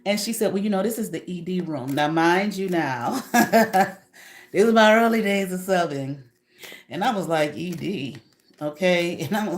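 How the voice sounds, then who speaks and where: A woman and content creator telling casual stories to her live viewers, animated and profane, with frequent asides and laughs. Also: on the low side, normal speed. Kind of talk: casual storytelling to a live audience.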